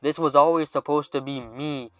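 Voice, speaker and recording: An impatient, fed-up female wrestling challenger with a crisp, bright delivery, read out by a man. The recording is dull, lo-fi and dry. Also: fairly high pitch, fairly even intonation, moderate pace, dry recording, faint music behind, close to an everyday voice.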